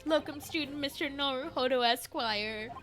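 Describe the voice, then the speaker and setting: A woman's voice: sits high, moderate pace, fairly bright tone, a little hiss or hum. A woman doing a theatrical florid student. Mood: dramatic.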